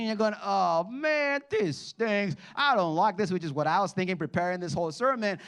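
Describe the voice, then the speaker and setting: A man with a high voice delivering a sermon in a lively preaching manner. He swings between loud, drawn-out lines and quiet, quick asides, and he keeps calling on the congregation to respond. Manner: animated preaching with sudden drops to quiet asides. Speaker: pastor.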